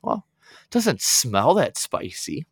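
A man's voice: medium pitch, huge pitch swings, takes it slowly, gravelly, breathy edge, dry recording, clean studio sound. A man co-hosting a podcast, telling a rambling story in casual chat, laughing often and acting out his friends' lines. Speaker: podcast co-host.

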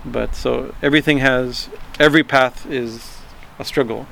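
Gravelly guy giving a spiritual talk, stops and restarts a lot, keeps asking "right?", bit of hiss behind. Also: mid-range voice, steady tone, fairly bright tone. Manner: halting, repeats words, frequent "right?" asides; chuckles while explaining. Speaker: spiritual teacher.

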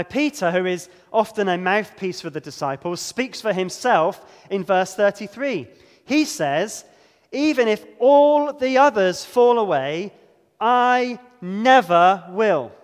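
A man preaching a sermon, earnest and emphatic, slowing down to stress key words. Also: high voice, in a large hall.

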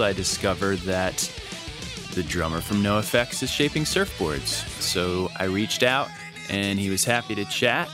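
Male host, 40s, low-ish voice, eager scripted intro over guitar. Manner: enthusiastic, earnest storytelling. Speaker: podcast host. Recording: guitar music under the voice. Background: guitar music bed.

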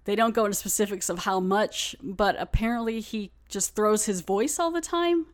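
A woman's voice: medium pitch, moderate pace. A young adult woman hosting a podcast, casually recapping an episode in a chatty way full of "like" and laughter. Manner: chatty, laughs, many "like" fillers. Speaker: podcast host.

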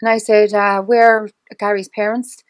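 A middle-aged Irish woman, a podcast guest, retelling events in conversation. She talks in a fast, halting way, acting out past dialogue with many restarts. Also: mid-range voice, flat delivery, low-quality recording. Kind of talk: personal storytelling in conversation.

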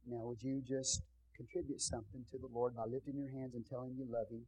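A man's voice: mid-range voice, level tone, fast, hardly any pauses, darkish tone, husky, no echo, poor audio. A male pastor preaching and praying before his congregation, talking in a folksy, chatty way with asides to the people in the pews. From Texas. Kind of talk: sermon and prayer.

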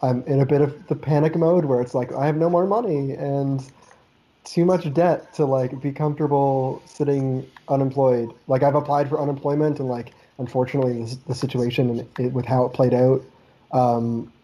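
A man's voice: medium pitch, fairly even intonation, moderate pace, dark tone, low-quality recording. A man from Canada chatting casually on a podcast, rambling and loose with lots of "like" and offhand swearing. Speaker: podcast co-host. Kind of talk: casual chat.

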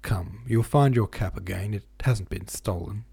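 A man's voice: lowish voice, measured pace, creaky, mellow, slightly rough, full character voice. A man reading aloud, voicing a stern, irritable male schoolmaster who barks curt orders at his class. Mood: gentle. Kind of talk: audiobook character voice.

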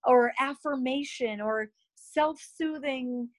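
A woman's voice: high voice, takes it slowly, low-quality recording. A woman in her thirties telling a personal faith story about motherhood in a candid, chatty way, full of fillers and emotional asides.

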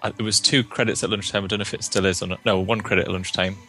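A man co-hosting a casual podcast chat, talking in a halting way with restarts. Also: on the low side, soft background music. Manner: hesitant, restarts, animated. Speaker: podcast co-host.

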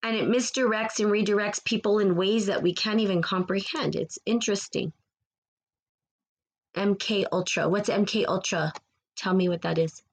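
A woman in a casual spiritual monologue, addressing her listeners directly. She talks with passion and gets preachy, circling back over her points and repeating herself. Her voice sits in a middle pitch. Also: moderate pace, rough recording.

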